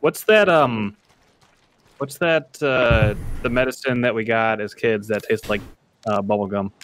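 A man's voice: on the low side, a little slow, a bit bright, slight background noise. A man chatting casually with a friend who is gaming, often trailing off and searching for words. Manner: hesitant, trails off with fillers. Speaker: friend watching the stream. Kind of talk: casual chat.

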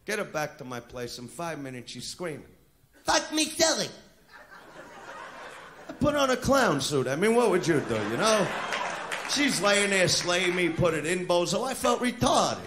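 Brash crude stand-up comedian, high voice. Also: male voice, sing-song, moderate pace. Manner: brash, crude, shouted punchlines. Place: comedy club stage. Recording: live club recording with crowd noise. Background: audience laughter and noise.

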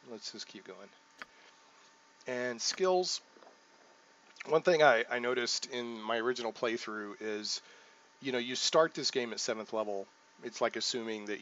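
Low-voiced man thinking aloud through game menus. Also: fairly bright tone, dull audio, slight background noise. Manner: thinks aloud while clicking through menus, frequent ums and self-corrections. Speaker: let's play host. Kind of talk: casual gameplay commentary.

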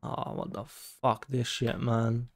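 A man with a gravelly, fry-edged voice of middling pitch talks through a horror game for his channel. He curses constantly, startles easily and reads the on-screen text aloud between reactions. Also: flat delivery, slow, dry recording. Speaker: gaming YouTuber. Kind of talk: horror game let's play commentary.

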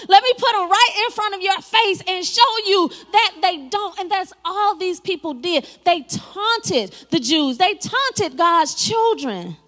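A woman pastor preaching a sermon, lively and dramatic, with laughs and spoken asides. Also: very high voice, unhurried, hardly any pauses.

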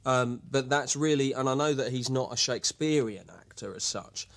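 A man's voice: mid-range voice, normal speed, a bit bright, lightly acted. A man playing a grandiose, vain horror writer. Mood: pompous. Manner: self-important, pompous. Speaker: series creator and writer. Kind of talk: mock documentary interview.

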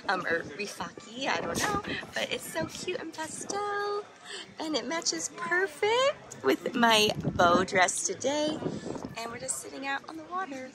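A young woman, chatting casually as a travel vlogger, bubbly and full of "like". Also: on the high side. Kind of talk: casual vlog narration. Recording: outdoor vlog with clear background noise.

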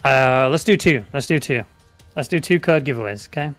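A man's voice: medium pitch, animated, fairly quick, a bit bright, no echo, faint music behind. A British man co-hosting a live gameplay stream, chatting, joking and repeating giveaway instructions. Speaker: streamer co-host.

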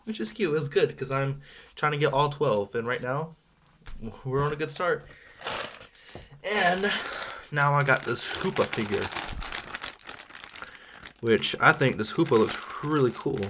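A man's voice: mid-range voice, expressive, measured pace, long pauses, fairly bright tone, slight background noise. Male vlogger, mid-range voice, loose rambling chat with self-mocking asides. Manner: rambling, chatty, self-deprecating with small laughs. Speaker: toy unboxing vlogger. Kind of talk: casual unboxing chat.

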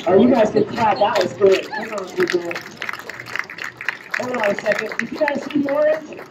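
High-voiced street magician, heard from afar. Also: male voice, moderate pace, very noisy. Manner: joking crowd-work, loud showman. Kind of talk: comedic magic show patter. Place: outdoors on a busy pier. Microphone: distant vlog camera. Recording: distant, echoey, with music.

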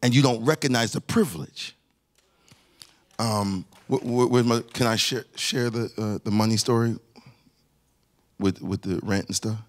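A man in his forties preaching a conversational sermon, telling a family story and talking straight to his congregation, his voice climbing to near-shouts. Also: medium pitch, moderate pace, long pauses. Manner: lively, addresses the congregation directly, rising to near-shouts. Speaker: pastor. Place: church sanctuary.

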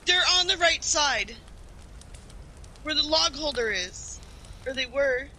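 A young woman with a very high, bright voice shrieks and swears while playing a survival game, drawing out her words slowly between screams. A faint hiss of noise sits under the recording. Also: expressive. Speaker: gamer. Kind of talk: screaming live gameplay reactions.

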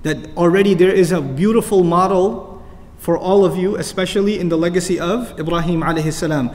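A man's voice: high-pitched, fairly quick, darkish tone. A man teaching a Quran commentary lecture, speaking emphatically and reciting Arabic verses between explanations. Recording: long hall reverb.

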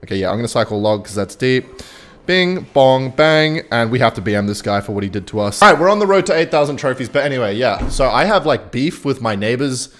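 A young man talks through a strategy game in a loose, rambling way, jumping between game calls and a personal anecdote. His voice sits in a middle pitch but swings around a lot as he talks. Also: animated, brisk. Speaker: gaming video creator. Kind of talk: casual gameplay commentary and storytelling.

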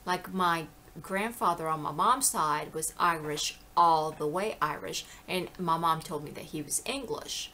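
A woman's voice: deep voice, a little slow, few pauses, bright, forceful tone, a little hiss or hum. A woman vlogging in a casual, rambling monologue, talking animatedly, drifting between topics and often slipping into quoted voices. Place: lives in the American South.

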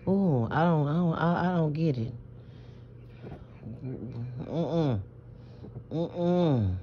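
Very slowly and in a low-pitched voice, a woman from New Orleans, in the Southern US, rambles through a late-night confessional vlog in bed. She stammers, stresses her words and swears freely. There's a little hiss or hum on the muffled lo-fi phone audio.

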